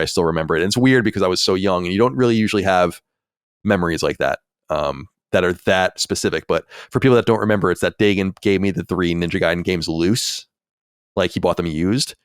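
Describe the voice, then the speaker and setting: A man's voice: deep voice, clean tone, no room sound, studio quality. A man in his forties hosting a podcast, chatting casually in a rambling, candid way, full of fillers and asides. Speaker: podcast host.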